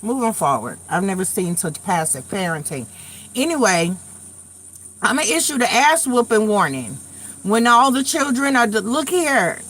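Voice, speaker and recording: Animated, blunt woman in her late forties. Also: fairly high pitch, unhurried. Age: late 40s. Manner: blunt, profane, animated storytelling. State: getting over a cold, occasional coughs. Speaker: tarot reader hosting a live stream. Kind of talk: casual live chat.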